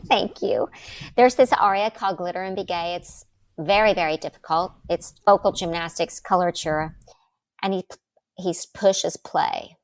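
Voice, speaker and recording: Woman, middle-aged, animated storytelling, acts out quotes, dry sound. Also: normal speed, dry recording. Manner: lively, acts out quotes with big pitch jumps. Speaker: guest.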